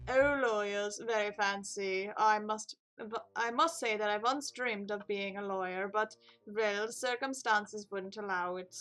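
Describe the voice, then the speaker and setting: A woman's voice: medium pitch, animated, faint music behind, close to an everyday voice. Woman putting on a grand, pompous elephant shopkeeper. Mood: grandiose. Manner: put-on stereotypical European accent, slow and grand. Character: pompous male elephant chocolate-shop owner.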